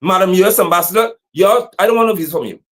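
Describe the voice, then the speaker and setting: A man giving impassioned livestream commentary as an activist, preaching and repeating slogans, sometimes shouting. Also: high-pitched, racing.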